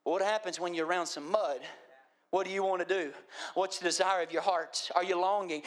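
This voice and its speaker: A man preaches to his church. He tells stories softly, then rises into impassioned, near-shouted pleading. He sounds like a pastor in his thirties. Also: high-pitched, fairly even intonation, a little fast. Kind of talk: sermon.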